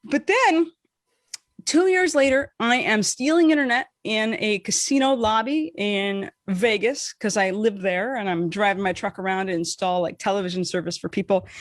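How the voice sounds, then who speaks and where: Woman, high voice, dry close sound, podcast co-host, casual storytelling, animated, swears a lot. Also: dry recording. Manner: animated, profane, acts out quotes with big pitch swings.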